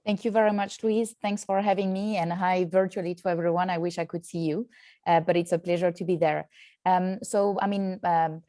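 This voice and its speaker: A French-accented woman answers questions in a webinar. Her voice sits low and mellow, with many small pauses and fillers. The sound is dry and close, as on a video call. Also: flat delivery, no echo. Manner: hesitant, many fillers and restarts. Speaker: guest, sustainability director.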